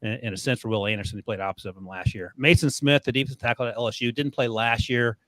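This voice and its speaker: Quick, laughing man in a dry studio. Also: mid-range voice, a bit bright, no echo. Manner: quick, laughs often, teasing. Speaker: podcast co-host. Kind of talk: casual sports chat.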